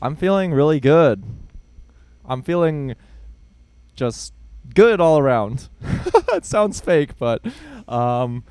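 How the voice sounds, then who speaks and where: A young man co-hosting a podcast, chatting in a relaxed, upbeat way. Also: on the high side, slow, clear, resonant tone, dry recording. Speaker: podcast co-host. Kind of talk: casual chat.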